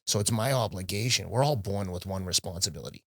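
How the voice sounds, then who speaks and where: A man's voice: lowish voice, quick pace, dry recording, clean studio sound. A middle-aged man, a guest on a podcast, speaking candidly in casual conversation and often acting out what he said to himself and others. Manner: candid, animated storyteller who quotes himself. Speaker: podcast guest, marathon runner.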